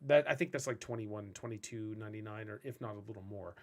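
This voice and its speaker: A man hosting a casual gaming podcast, ranting in a rambling, animated way. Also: on the low side, quick pace. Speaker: podcast host and streamer.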